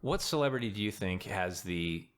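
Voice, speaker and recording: A male podcast host with a somewhat low voice, talking in a relaxed and chatty way. He jumps into the topics himself and keeps tossing questions to the others. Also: moderate pace. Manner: lively, chatty, asks questions. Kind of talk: casual podcast chat.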